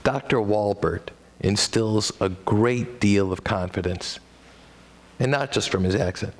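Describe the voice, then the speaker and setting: A man with a Midwestern American accent performing a one-man stage monologue, with wry, self-deprecating dad-joke humor and pitch that jumps for comic emphasis. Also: measured pace.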